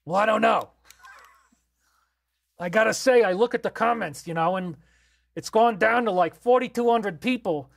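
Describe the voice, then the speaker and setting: A man voicing a raspy, chain-smoking grandmother who dotes and fusses over viewers on a live stream. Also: sits high, moderate pace, long pauses, voice pushed up. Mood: fussing. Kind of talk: comic live stream character.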